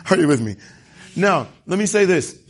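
Husky man preaching a sermon. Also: high voice, animated, slow. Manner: conversational, dramatizes scripture dialogue.

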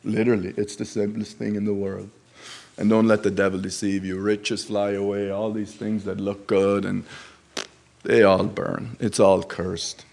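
A man with a low-leaning, creaky voice preaches a sermon as a lay preacher at a church service. He is plain-spoken and earnest, pausing to restart, and rises in emphasis when he quotes Scripture.

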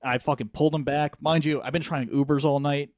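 A man's voice: on the high side, steady tone, quick pace, a little mellow. A young adult man, a podcast co-host, telling a rambling, profane story and laughing through it. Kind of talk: casual storytelling chat.

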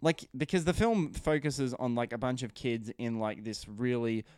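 A man chats loosely about a film, gushing and rambling, his speech full of "like" and the odd curse. His voice is smooth and clear, recorded close in a dry room with no echo. He sits at a middling pitch. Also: normal speed, darkish tone. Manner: rambling, enthusiastic, full of "like" fillers and swearing. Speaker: film reviewer. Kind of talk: casual film review chat.

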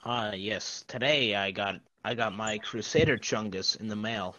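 A man voicing a pompous, deadpan cartoon meme rabbit speaking mock-formally on an improvised comedy podcast. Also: on the low side, normal speed, no echo, dull audio. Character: Big Chungus, pompous meme rabbit in a crusader helmet.

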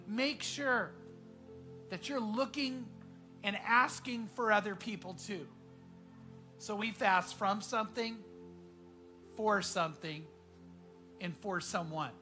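A man preaching a sermon as pastor, telling a story earnestly and often dropping to a hushed voice. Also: high-pitched, slow pace, long pauses, faint music behind.

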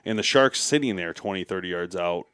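A man with a deep, low-pitched voice co-hosts a casual podcast. He tells stories in an animated way and calls the others "dude". His voice sounds close and dry, with no room behind it. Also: fairly quick, clear, resonant tone, no echo. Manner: animated storyteller, says "dude" often. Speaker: podcast co-host. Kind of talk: casual chat.

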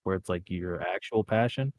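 A young man talking easily with friends, his voice sitting a little low. His delivery is loose and slangy, full of filler words. The sound is close and dry, with no room echo. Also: moderate pace. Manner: laid-back and slangy, heavy on filler words. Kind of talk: casual chat.

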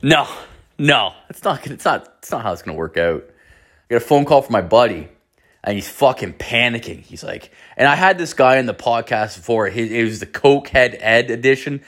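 A man's voice: medium pitch, brisk. Profane, rambling young man. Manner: heavy swearing, rambling and animated. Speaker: podcast host. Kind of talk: casual storytelling.

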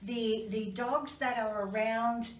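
A woman who works as an animal communicator and medium, talking casually in an animated, storytelling way with many restarts. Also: a little high, slow. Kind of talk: casual conversation. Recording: roomy, distant mic with faint background noise.

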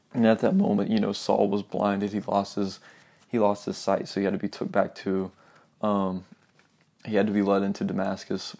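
A young man giving an earnest, informal sermon and reading scripture aloud, often dropping to a soft near-whisper for emphasis. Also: lowish voice, level tone, moderate pace, creaky. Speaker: preacher.

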